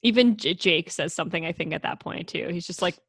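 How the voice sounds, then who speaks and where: A young woman co-hosting a podcast, recapping a show in animated, exasperated casual chat, swearing now and then. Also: fairly low pitch, fairly quick, slightly rough, dry recording, clean studio sound.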